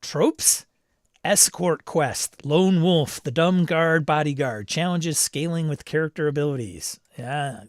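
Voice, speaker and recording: A man's voice: a little high, slow, no room sound. Man, stream host, casual chat, reads comments aloud, frequent laughs, dry sound. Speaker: livestream host reading chat.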